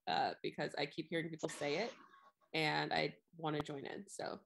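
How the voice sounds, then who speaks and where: A woman's voice: deep voice, brisk, creaky, a bit bright. A young adult woman co-hosting a podcast, talking casually about a film with lots of fillers and frequent laughter. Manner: chatty, many fillers, laughs often. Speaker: podcast co-host.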